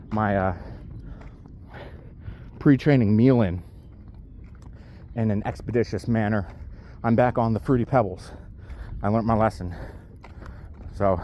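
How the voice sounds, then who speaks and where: A man's voice: lowish voice, mellow, slight background noise. A man talking casually into his camera while walking his dog outdoors, a bit out of breath from the uphill walk and rambling with lots of fillers. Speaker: powerlifter vlogging his day.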